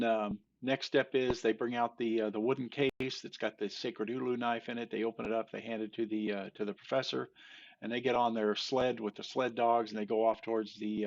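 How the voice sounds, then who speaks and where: Gravelly, lo-fi man telling a rambling joke. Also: mid-range voice. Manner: rambling, many fillers and restarts. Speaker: joke teller. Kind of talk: casual storytelling.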